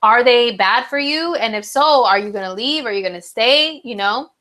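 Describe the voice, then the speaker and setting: A young woman talks through horoscopes for each sign in a loose, conversational stream. She leans on fillers and jokey asides, sometimes slipping into a higher voice to mimic friends. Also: animated, moderate pace, sharp tone. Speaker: astrology host. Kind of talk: casual live horoscope talk.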